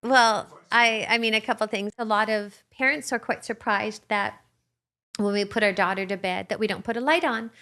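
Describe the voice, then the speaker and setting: A woman's voice: medium pitch, normal speed, bright, forceful tone. A woman co-hosting a podcast, talking reflectively and searching for her words in casual conversation. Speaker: podcast co-host.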